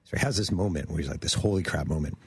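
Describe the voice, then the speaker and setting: Low husky guy telling a wild story, dry close sound, acts out the quotes. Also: racing, no echo. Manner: animated storyteller acting out quoted voices. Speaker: author guest. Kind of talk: storytelling interview.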